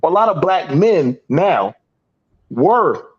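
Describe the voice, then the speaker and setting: A man's voice: on the high side, big pitch swings, takes it slowly, slightly rough, lo-fi sound. A man hosting a heated panel talk, telling emphatic, profane stories. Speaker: podcast host.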